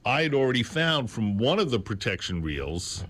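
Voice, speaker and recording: A man hosting a radio show from a studio, talking in an unscripted way and slowly spelling out catalog numbers. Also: mid-range voice, sing-song, background noise. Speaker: radio host. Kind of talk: unscripted radio talk about records. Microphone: studio mic on a stand.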